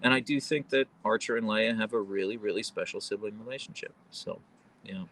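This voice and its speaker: A man's voice: fairly low pitch, a little fast, a bit bright, slight background noise, low-quality recording. A man hosting a casual live stream at home, chatting in a rambling way full of fillers and restarts. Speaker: livestream host. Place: at home, with his dogs.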